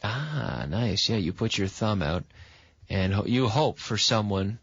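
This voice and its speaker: A man hosting a radio English lesson, patiently quizzing a student and stressing words with lively intonation. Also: fairly low pitch, measured pace, husky, no echo. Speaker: English teacher and radio host. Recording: dull, lo-fi sound.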